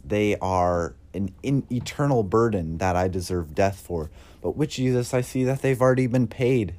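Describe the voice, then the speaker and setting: A man earnestly sharing his Christian faith in a casual testimony, halting often with fillers. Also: lowish voice, a little mellow.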